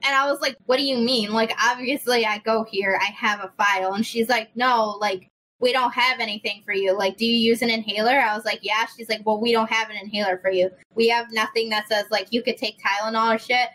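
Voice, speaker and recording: A young woman telling a story in casual chat, animated, swearing freely and acting out the people in it. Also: a little high, fairly quick, slight background noise, poor audio. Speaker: podcast host.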